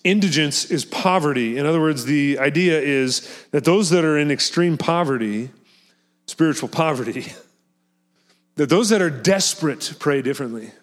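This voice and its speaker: A man's voice: fairly high pitch, expressive, moderate pace. A man preaching a sermon as pastor, talking earnestly and emphatically, often repeating words and phrases for effect.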